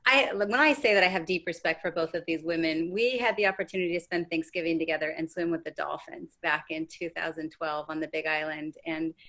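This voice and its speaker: A woman's voice: deep voice, fairly quick, few pauses, a bit bright. A woman hosting an interview, chatting in a friendly way with hesitant starts before she asks her questions. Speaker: host.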